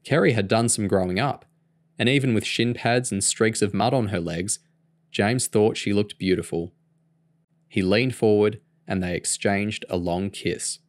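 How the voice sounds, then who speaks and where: A man reading a novel aloud in a steady, even storytelling manner. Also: fairly low pitch, unhurried, no room sound. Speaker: audiobook reader.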